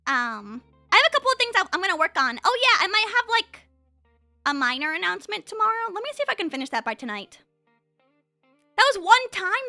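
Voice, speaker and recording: A young woman streamer chatting casually with her live chat, talking very fast and bubbly. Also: very high voice, pushed and bright, no room sound.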